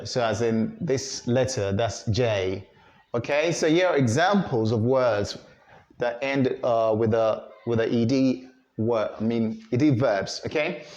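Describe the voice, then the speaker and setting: A male teacher walks through a pronunciation lesson at a very slow pace. He says each sound and word twice so learners can repeat after him. He pads his explanations with fillers and often corrects himself mid-sentence. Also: medium pitch, darkish tone, roomy sound. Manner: frequent fillers and self-corrections.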